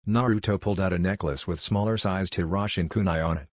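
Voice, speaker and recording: A man reads fan fiction aloud in an even, steady way. His voice is low and the recording is dry and close. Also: fast, hardly any pauses, dry recording. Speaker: story narrator.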